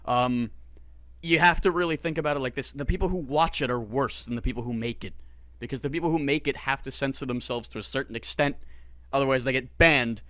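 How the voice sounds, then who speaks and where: A man's voice: medium pitch, no room sound. A man in a casual commentary video, reading online comments aloud and mocking them in a sarcastic, exasperated, profane way, with stammered restarts and chuckles. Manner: stammering restarts and swings from loud to muttered. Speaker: YouTuber reacting to comments.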